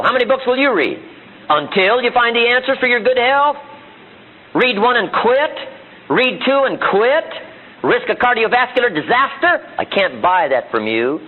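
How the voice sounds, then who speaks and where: A middle-aged man delivers a motivational seminar, firing rhetorical questions and acting out quotes with a rather high, husky voice. His pitch swings widely as he presses each point. The recording is narrow and tinny, like an old phone line. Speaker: motivational speaker. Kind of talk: seminar speech. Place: seminar room with audience. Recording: tinny phone-like archive audio.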